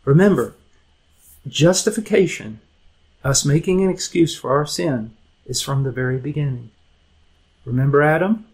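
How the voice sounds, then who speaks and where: A man's voice: a little high, moderate pace, pauses often, darkish tone, slightly rough, rough recording. A man teaching a conversational Bible lesson to young people, earnest and emphatic, often repeating words, chuckling, and asking his listeners direct questions.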